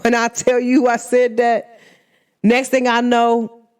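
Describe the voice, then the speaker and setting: A woman hosting her own show, telling a story in an animated, emphatic way and punctuating it with sharp interjections. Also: a little high, slow pace, clean tone. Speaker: podcast host. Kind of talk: storytelling monologue.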